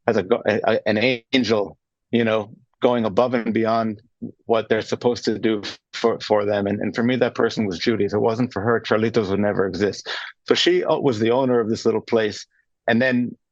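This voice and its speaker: A charcuterie maker in his thirties, guesting on a radio interview in the studio, speaks in a fairly low voice. His story wanders, full of fillers and restarts, and the recording sounds lo-fi but echo-free.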